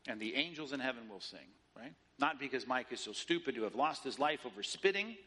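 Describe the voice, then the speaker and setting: Pastor guy preaching, bright punchy voice, acts out bits of dialogue. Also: medium pitch, a little fast, slightly rough. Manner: animated storytelling with mock dialogue. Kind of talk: sermon.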